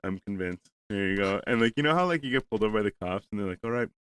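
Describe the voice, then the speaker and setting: A man's voice: on the low side, lively intonation, racing, fairly bright tone, a little hiss or hum. A man hosting a podcast, telling a rambling, profane story in casual chat and acting out both sides of a conversation. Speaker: podcast host.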